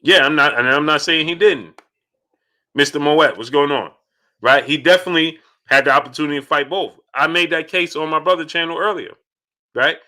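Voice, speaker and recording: A man's voice: on the high side, fairly quick, bright, forceful tone. A man hosting a live boxing talk stream. He greets chat viewers by name and repeats his points with emphasis. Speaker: boxing channel host.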